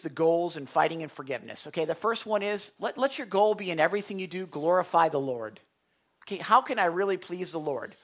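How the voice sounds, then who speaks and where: High-voiced emphatic male pastor. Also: fairly bright tone. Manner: rushed, self-interrupting, emphatic teaching; acts out quoted apologies. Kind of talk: sermon.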